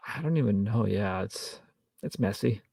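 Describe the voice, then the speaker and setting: A man with a gravelly, husky, dark-toned voice drops wry jokes while talking through a movie with a co-host. The mic is close and the sound is dry. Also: on the low side, normal speed, no room sound. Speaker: podcast co-host. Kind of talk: casual film review chat.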